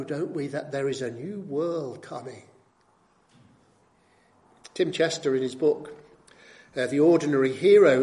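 A man delivers a sermon in a notably high voice. He is emphatic, pressing his points with rhetorical tag questions and repeating key words for weight. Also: darkish tone. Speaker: preacher.

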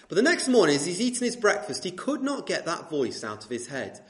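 A man preaching a sermon, telling a story in an animated way and ending with an earnest appeal to the listeners. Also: fairly high pitch, a little fast, few pauses.

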